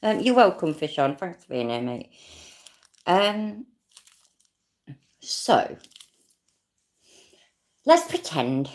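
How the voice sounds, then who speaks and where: A woman's voice: lowish voice, very animated, extremely slow, long pauses. A British woman giving casual, rambling commentary on a clip, sarcastic and swearing freely. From not American.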